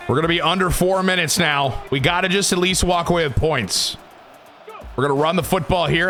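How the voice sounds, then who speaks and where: Bright-voiced guy calling his own game plays, high and bouncy, loud then quiet, music under it. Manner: swings from loud hype to low muttering. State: sweaty and tired from long recording. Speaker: gaming YouTuber. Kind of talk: excited video game commentary. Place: his room.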